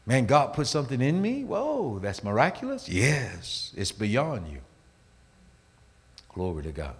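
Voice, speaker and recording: A man preaching a sermon, telling a story dramatically and swinging between hushed and loud delivery. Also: medium pitch, huge pitch swings, a little slow, husky.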